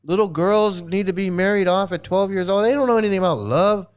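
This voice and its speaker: A man's voice: high voice, a little fast, clear, resonant tone. A man ranting in angry commentary as a former member, profane and repetitive, restarting his sentences.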